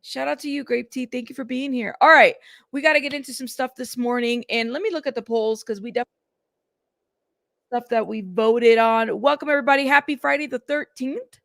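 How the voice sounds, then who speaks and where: Woman livestream host, gravelly, higher pitch, dry close sound. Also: brisk, no room sound. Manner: greets chatters warmly by name, chatty. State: out of breath. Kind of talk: casual livestream chat.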